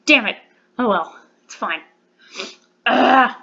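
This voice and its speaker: A woman's voice: a little high, expressive, slow pace, vocal fry, sharp tone, muffled recording. A woman playing a visual novel who reads its text aloud and reacts with blunt, swear-heavy, teary commentary. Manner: emotional, swears a lot, blunt. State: teary after crying. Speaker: let's play gamer. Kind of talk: casual gameplay commentary, reading game text aloud.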